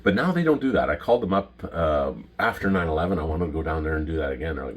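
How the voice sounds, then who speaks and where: A middle-aged Canadian man with a Canadian accent, telling casual stories about his flying days and pausing often with ums and restarts. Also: rumbling low, expressive, background noise. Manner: rambling, many ums and restarts. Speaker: retired pilot showing his patches. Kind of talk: casual storytelling to camera.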